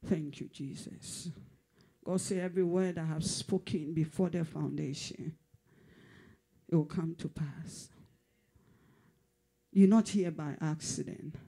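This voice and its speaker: A man's voice: on the high side, fairly even intonation, slow, gravelly, pauses often, warm tone, husky. A man preaching a fervent prophetic sermon, repeating phrases and at times dropping to a whisper. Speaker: pastor.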